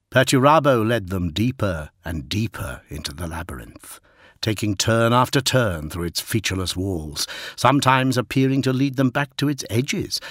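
A man reading a novel aloud as an audiobook narrator, in steady, measured scripted narration. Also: fairly low pitch, slightly rough, dry recording, clean studio sound.

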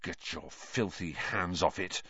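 A tense, fierce teenage boy, as a male narrator reads him, speaking with bitter intensity and dropping to a mutter at times, only a little lifted from the reader's own voice. His lines swing in a lively way, and the take sounds dry and a bit dull. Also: mid-range voice, moderate pace, dry recording, voice pushed up.

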